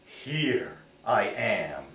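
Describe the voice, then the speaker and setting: A man voicing a weary suburban Moses, speaking low and slow in a hushed manner. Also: lively intonation, exaggerated voice. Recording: roomy theater, from far off.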